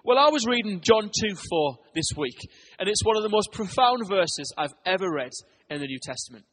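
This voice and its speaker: A British pastor preaches with restless energy, his voice sitting high for a man. He tells stories fast, stumbling and repeating words as he goes. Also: sing-song, fairly bright tone. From England. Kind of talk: sermon.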